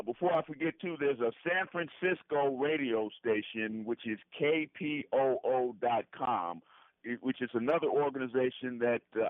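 A man's voice: mid-range voice, no room sound. A man calling in to an interview, talking earnestly and repeating himself often. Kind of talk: phone-in conversation. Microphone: phone. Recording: tinny prison phone line.

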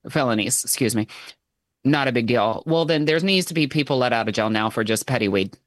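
A man in casual political chat, ranting in an animated, exasperated way and acting out the people he quotes. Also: mid-range voice, brisk, dry recording.

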